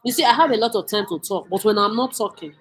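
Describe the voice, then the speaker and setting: A woman's voice: medium pitch, quick pace, breathy edge. A woman from Nigeria, delivering a heated, profane, accusing rant as a vlogger. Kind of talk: angry profane rant to camera.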